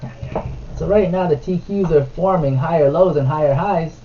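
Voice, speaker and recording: A man streaming his trading from home. He switches between soft, sing-song baby talk with his toddler and brisk market commentary. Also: fairly high pitch, highs cut off, noisy background. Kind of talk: casual live-stream commentary.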